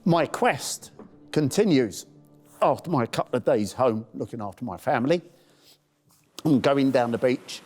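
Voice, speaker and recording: A man's voice: medium pitch, unhurried, long pauses, soft background music. A middle-aged man from the UK telling the story of his charity walk in a spoken diary, acting out the people he met. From United Kingdom. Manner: storytelling, animated voices for people he meets.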